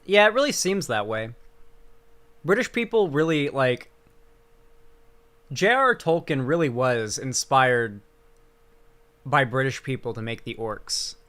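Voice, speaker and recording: Young male streamer, mid pitch, profane sarcastic banter, home desk mic. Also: animated, measured pace, long pauses, fairly bright tone. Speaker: live streamer. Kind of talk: late night stream commentary.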